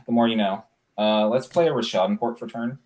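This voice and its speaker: A man playing a card game match, thinking out loud and hesitating as he works out his moves. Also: lowish voice, brisk. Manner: thinks aloud, hesitant, working out plays. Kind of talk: casual tabletop play talk.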